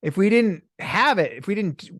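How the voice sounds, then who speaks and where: A man's voice: sits high, normal speed, dry recording, studio quality. A middle-aged man, a breathwork coach in a podcast interview, telling stories and acting out the people in them. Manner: animated storytelling, acts out quoted people.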